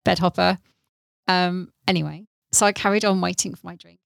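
A woman co-hosting a casual podcast, telling a joke with playful teasing and plenty of laughter. Her voice has a gravelly, creaky edge. It is recorded dry and close, with no room sound. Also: fairly low pitch, moderate pace, dry recording. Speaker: podcast co-host.

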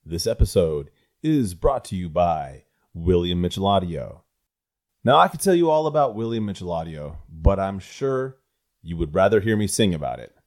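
A man with a fairly low voice hosts a casual podcast. He talks in a relaxed way and drops swear words freely. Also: moderate pace, faint music behind. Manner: laid-back, swears freely. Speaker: podcast host. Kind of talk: casual chat.

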